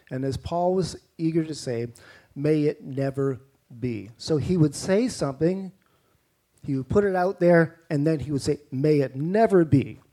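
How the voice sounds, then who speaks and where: A man's voice: fairly high pitch, dark tone. A man with a Canadian accent preaching a sermon in a conversational way, with rhetorical questions and mock-incredulous asides.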